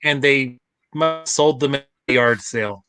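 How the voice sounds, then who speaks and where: A man's voice: medium pitch, a little slow, over music. A man hosting a casual interview, talking hesitantly with fillers and laughter. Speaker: podcast interviewer.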